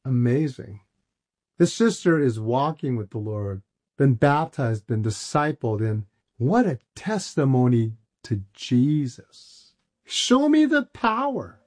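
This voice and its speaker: Man preaching with a mellow voice. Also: mid-range voice, a little slow, soft background music. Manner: storytelling, repeats words when excited. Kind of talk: sermon with testimony.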